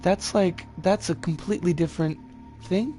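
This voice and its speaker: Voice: mid-range voice, moderate pace, warm tone, soft background music. A streamer talking through a live game session, reading chat aloud, with frequent stammered restarts and mild swearing. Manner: chatty, self-correcting, reads chat aloud.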